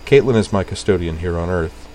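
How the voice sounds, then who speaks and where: A man voicing a polite female robot who speaks calmly and formally in a storybook reading. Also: sits low, a little fast, low-quality recording. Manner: calm, formal, precise.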